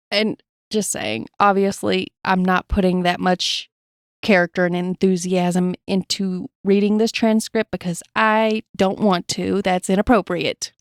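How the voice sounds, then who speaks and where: A woman's voice: medium pitch, little pitch movement, measured pace, smooth, no room sound. A woman hosting a true crime podcast, reading a transcript aloud with blunt personal asides, in a dry recording. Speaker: podcast host.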